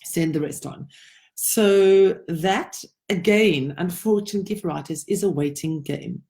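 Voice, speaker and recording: A woman's voice: lowish voice, dark tone. A woman working as a writing coach, giving informal advice to writers in a conversational, emphatic way, sometimes restarting her phrases.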